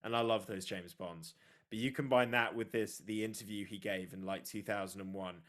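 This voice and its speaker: On a podcast he co-hosts, this young man chats casually at a moderate pace, his voice on the low side. His storytelling is lively, and he performs the quoted lines himself.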